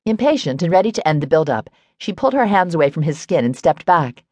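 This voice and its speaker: A woman audiobook narrator giving a steady, measured reading of a romance novel. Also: low voice, no echo.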